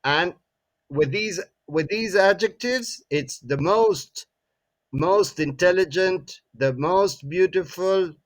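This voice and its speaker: Slow male English teacher. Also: sits high. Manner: frequent tag questions "no?" and "eh?", repeats words. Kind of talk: classroom grammar lesson.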